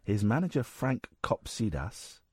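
A male radio host with a very low, husky, slightly mellow voice reads news stories on air a little slowly, his pitch swinging widely. He keeps breaking in on himself with dry, sarcastic comments, recorded close and dry on a studio microphone with no echo.

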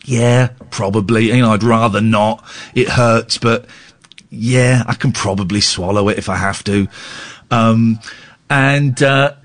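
A man's voice: lowish voice, fairly even intonation, measured pace, a bit bright. A middle-aged man, hosting a radio phone-in and telling a candid, rambling, self-deprecating story, with stammered restarts. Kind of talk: candid talk-radio monologue.

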